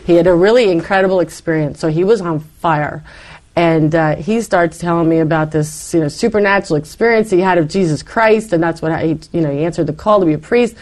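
Animated woman telling her life story. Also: lowish voice, brisk. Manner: animated storyteller, acts out her past self in quotes. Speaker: interview guest. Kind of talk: personal testimony in conversation.

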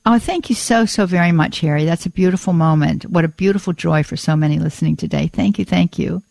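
A woman's voice: lowish voice, fast, creaky, darkish tone, no room sound. A woman hosting a Catholic call-in radio show, effusive and full of praise, with frequent restarts and repeated words.

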